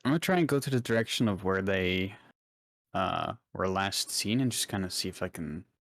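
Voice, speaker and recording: A man's voice: low-pitched, normal speed, dry recording, studio quality. A man taking part as a player in a tabletop game, laid-back and joking. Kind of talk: casual play chat.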